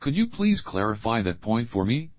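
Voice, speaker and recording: A man's voice: mid-range voice, sing-song, no echo, lo-fi sound. Man reading English drill questions. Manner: slow, clear drill reading, repeating each opening phrase. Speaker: English teacher. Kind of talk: reading example questions for learners.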